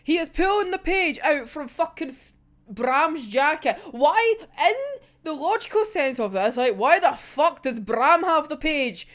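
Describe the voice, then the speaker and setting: An excitable woman ranting about a manga chapter, swearing freely and breaking into laughter. Her voice is high, and her pitch leaps about with every outburst. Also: a little slow. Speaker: manga reviewer. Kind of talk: casual reaction ranting.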